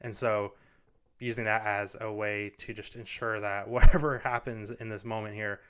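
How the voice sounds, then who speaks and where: A man's voice: lowish voice, fairly even intonation, normal speed, bright, forceful tone, clean tone. A man hosting a parenting talk, giving casual advice in an earnest, rambling way full of "you know"s, standing at a studio microphone. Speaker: parenting video host. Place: standing in front of a mic.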